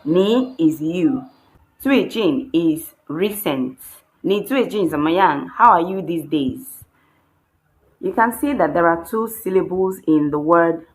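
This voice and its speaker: A woman with a somewhat low voice gives a Chinese language lesson. She speaks very slowly and explains each word patiently, repeating key points step by step. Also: lively intonation, darkish tone, poor audio.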